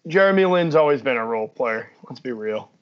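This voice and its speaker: A man's voice: medium pitch, animated, a little fast, smooth. A young man co-hosting a casual sports podcast, blunt and ranting, swearing freely. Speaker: podcast co-host. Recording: dull lo-fi podcast mic.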